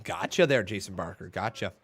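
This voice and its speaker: His voice sits low yet a bit bright and husky, expressive and a little fast. The twenty-something watch-along streamer reads chat aloud, calls the play-by-play, and sounds slightly tired, yawning now and then.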